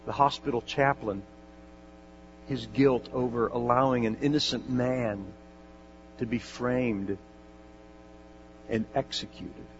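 A man's voice: mid-range voice, steady tone, takes it slowly, long pauses. A male pastor preaching a sermon in an earnest manner, building up to fervent exhortation and prayer. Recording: dull lo-fi with mains hum.

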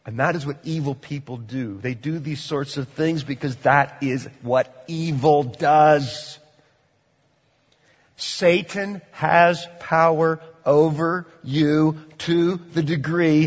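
A man preaching a sermon in a church, swinging between loud, dramatic lines and hushed, drawn-out ones. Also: fairly high pitch, long reverb tail, lo-fi sound. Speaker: pastor. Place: church hall.

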